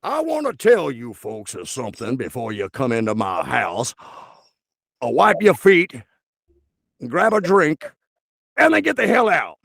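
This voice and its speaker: A gruff old Southern gentleman, as a man puts him on, drawling a fake welcome. He sounds rude under the manners. The recording is dry and close. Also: medium pitch, huge pitch swings, a little slow, long pauses, no room sound, exaggerated voice. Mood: mock-welcoming. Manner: drawled, mock-hospitable.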